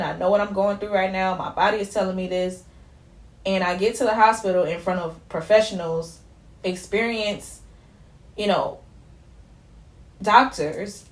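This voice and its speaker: A young woman vlogger tearfully telling a personal story in a candid, conversational way, her voice dropping as she fights back tears. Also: mid-range voice. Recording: echoey room.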